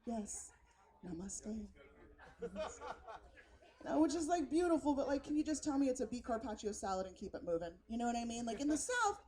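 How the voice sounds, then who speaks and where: Brash, high-voiced woman comedian on stage. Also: fast talker, few pauses. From San Francisco. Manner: brash, profane, animated storytelling. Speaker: stand-up comedian. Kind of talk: stand-up set. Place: outdoor festival stage.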